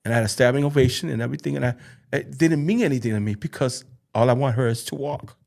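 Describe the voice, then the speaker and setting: Earnest, halting man telling his story. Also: medium pitch, creaky, darkish tone. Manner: earnest, halting, repeats phrases. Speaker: podcast guest, youth football coach. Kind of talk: emotional personal storytelling.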